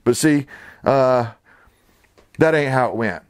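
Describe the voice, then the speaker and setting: Man, indignant commentary, sarcastic, rambling, average pitch. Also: takes it slowly, clear, resonant tone. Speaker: channel host. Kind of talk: ranting commentary.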